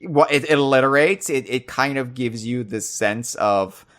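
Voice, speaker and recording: A man's voice: medium pitch, normal speed. A man hosting a podcast in casual chat, playful and chatty, trading trivia with his guest. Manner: playful, shouts bits of trivia as a running joke. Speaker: podcast host.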